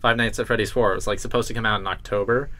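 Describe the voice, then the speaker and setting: A young man with a lowish voice talks games on a podcast. He gushes and rambles a bit, with plenty of "like" as he goes. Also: steady tone, racing, bright, forceful tone. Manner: enthusiastic, chatty, many "like" fillers. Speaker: podcast co-host. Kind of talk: casual chat about video games.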